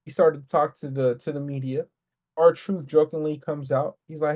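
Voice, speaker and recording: A man co-hosting a casual podcast, ranting in a heated, profane, fast way. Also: a little high, flat delivery, a little mellow. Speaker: podcast co-host. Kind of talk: casual wrestling podcast rant.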